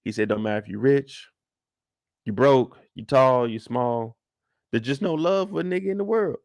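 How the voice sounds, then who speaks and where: A young man, recapping a TV episode alone in loud, slangy, excitable storytelling with acted-out reactions. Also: mid-range voice, normal speed, dry recording. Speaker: show recap host. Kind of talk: animated solo recap of a TV episode.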